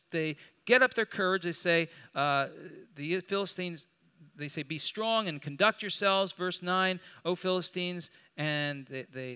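A man's voice: sits high, pushed and bright, clear, resonant tone. A man teaching a Bible study in a conversational way, asking rhetorical questions and restarting as he looks up verses. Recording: long hall reverb.

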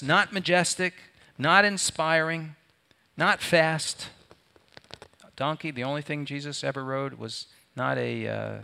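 A man preaching a sermon to his congregation, often pausing to put rhetorical questions to his listeners. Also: medium pitch, gravelly, pushed and bright. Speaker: pastor. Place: before a live congregation.

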